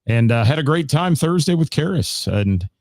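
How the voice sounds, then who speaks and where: A man's voice: on the high side, big pitch swings, moderate pace, a little mellow, dry recording. A middle-aged man hosting a live-streamed radio show, rambling casually with lots of fillers as he greets viewers by name. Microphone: studio mic.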